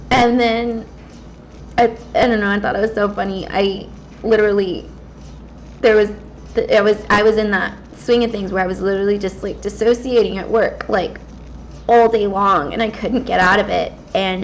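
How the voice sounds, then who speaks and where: A woman in her twenties talking candidly and casually while she plays a game, rambling with many fillers. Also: medium pitch. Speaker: gaming vlogger. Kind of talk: casual personal talk while gaming. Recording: slightly dull lo-fi mic with faint background hiss.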